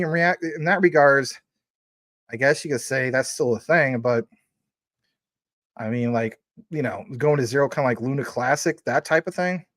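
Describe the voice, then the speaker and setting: A crypto livestream host in his forties, his mid-range voice slightly bright and recorded without room sound. He chats loosely and fills his speech with fillers while reading and thanking super chats from viewers.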